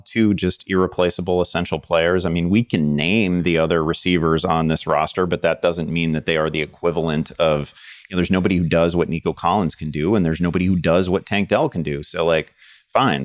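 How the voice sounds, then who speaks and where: A man with a low, deep voice breaks down fantasy football news in casual chat. He circles back on his words, restarts sentences often, and laughs easily. The recording is dry and close. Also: dry recording. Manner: rambling with frequent restarts and laughs. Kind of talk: casual sports analysis chat.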